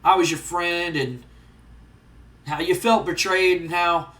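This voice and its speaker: A man's voice: high voice, steady tone, takes it slowly, a bit bright, recorded from a distance. A man voicing an arrogant male pro wrestler who cuts a contemptuous, insulting promo. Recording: roomy, off-mic.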